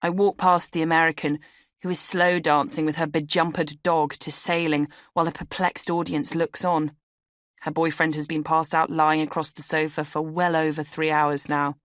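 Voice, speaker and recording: Low-voiced woman reading her memoir. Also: little pitch movement, normal speed, dry recording, studio quality. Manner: wry, conversational storytelling. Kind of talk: audiobook memoir narration. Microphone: studio microphone.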